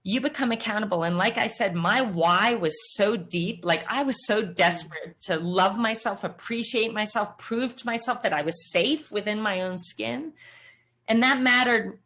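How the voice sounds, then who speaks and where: A middle-aged woman, a podcast guest, telling her personal story in an animated way and acting out the voices of others. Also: mid-range voice, normal speed. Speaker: guest, former triathlete. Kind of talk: storytelling interview answer.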